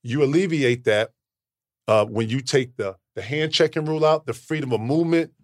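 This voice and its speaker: A man in his forties, a former pro athlete, telling animated, profane stories as a guest in a casual podcast studio chat. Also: medium pitch, normal speed, no echo. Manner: animated, profane, swaggering storyteller.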